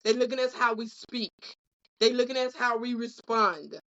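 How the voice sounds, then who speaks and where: A woman's voice: on the high side, moderate pace, fairly bright tone. A woman giving heartfelt closing remarks on a podcast panel, repeating phrases in a preacher-like way. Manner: emotional, preacher-like repetition. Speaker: co-host representing a union caucus. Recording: dull lo-fi audio.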